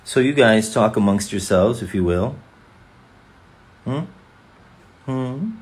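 A man's voice: lowish voice, slow. A voice actor chatting casually and joking with viewers while he signs autographs on a livestream. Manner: playful, jokey, rambling. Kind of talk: casual chat.

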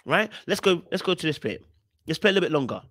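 A British man hosting a commentary podcast, pressing his points with repetition and emphasis. His voice swings widely in pitch and sits slightly high for a man. The sound is dry and close, with no room around it. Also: sing-song, quick pace, a bit bright, no room sound. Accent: British English. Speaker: podcast host reviewing reality TV clips. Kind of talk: commentary on video clips.

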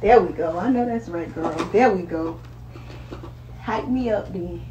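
A woman's voice: fairly low pitch, measured pace, noisy background. A young woman talking frustrated to her viewers in a casual vlog. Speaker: vlogger.

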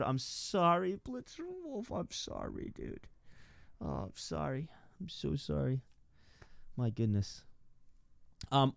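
A man's voice: medium pitch, creaky, clean tone, no room sound. Rambling, stammering young male streamer. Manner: rambling and stammering, eager thanks to viewers. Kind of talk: live stream chat.

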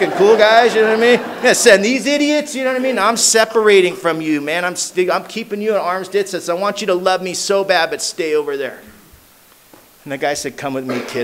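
A man with a Southern Californian accent telling his recovery story at a meeting in street slang, acting out the voices of people in it. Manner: street slang, lots of "man" and "you know what I mean"; acts out voices with big jumps in pitch and loudness. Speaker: AA meeting speaker.

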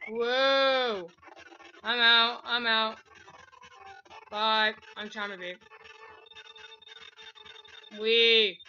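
A woman's voice: a little high, fairly even intonation, extremely slow, long pauses, pushed and bright, dull audio, a little hiss or hum. A woman giving let's-play commentary, rambling through asides and breaking into yelps and squeals. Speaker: gameplay commentator. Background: faint game music.

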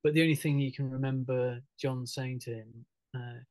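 Male musician guest, mid-pitched, halting and filler-heavy, dry close sound. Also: fairly even intonation, darkish tone, dry recording, low-quality recording. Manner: halting, many fillers and restarts, laughs often. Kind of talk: casual radio interview over a video call.

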